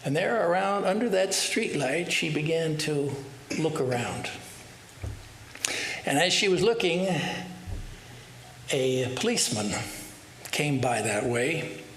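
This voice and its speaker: A monk delivers a sermon, slowly spinning out parables and posing rhetorical questions to his listeners. His voice sits a bit high for a man. The recording is roomy, with a faint hiss beneath it. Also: expressive, fairly bright tone. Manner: unhurried, rhetorical questions, storytelling. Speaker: swami giving a talk. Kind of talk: sermon with storytelling.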